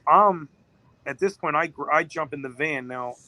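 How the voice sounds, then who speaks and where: A man with a bright, forceful voice tells a story on a podcast in a rambling, emotional way. His voice sits a bit high and sounds dry and close. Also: moderate pace, dry recording, rough recording. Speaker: business owner guest.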